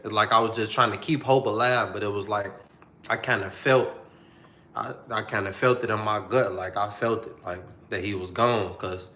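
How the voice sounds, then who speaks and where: A man's voice: on the low side, fairly even intonation, normal speed, sharp tone, echoey room. A young man telling a personal story to the camera in a slangy, repetitive, heartfelt way.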